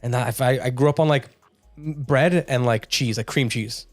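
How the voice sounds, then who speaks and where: Young man, middle pitch, loose profane podcast chatter over faint music. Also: moderate pace, no echo. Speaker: podcast co-host. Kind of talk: casual comedy podcast chat.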